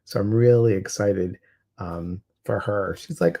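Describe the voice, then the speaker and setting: A man with a Chicago accent hosting a casual livestream, upbeat and excitable as he talks straight to his viewers. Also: fairly low pitch, a little slow. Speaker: livestream community host.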